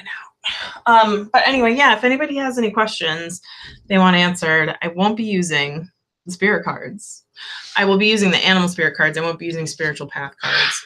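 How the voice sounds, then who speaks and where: A woman's voice: on the low side, bright, forceful tone. A young woman hosting a casual live-stream chat, candid and rambling, full of fillers and the odd swear. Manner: chatty and candid, lots of "like" and "um", swears freely. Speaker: tarot channel host.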